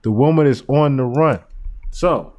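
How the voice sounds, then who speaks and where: A man hosting a podcast, giving casual commentary and animated stories, often breaking into laughter. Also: mid-range voice, measured pace. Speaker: podcast host.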